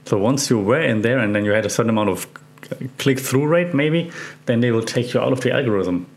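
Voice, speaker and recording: A man's voice: medium pitch, animated, brisk. A man hosting a solo podcast, commenting on media news in a casual, rambling way with many fillers and restarts. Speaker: podcast host.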